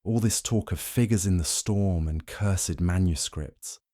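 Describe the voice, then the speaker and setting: A man's voice: sits low, a little slow, dry recording, studio quality. A man doing an uneasy English captain. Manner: hushed, uneasy.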